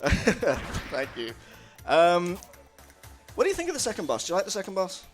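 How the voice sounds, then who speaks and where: Chatty man with lively pitch. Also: normal speed, soft background music. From United Kingdom. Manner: chatty, jokey, laughs often. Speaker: speedrunner. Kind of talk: casual live commentary on a game run.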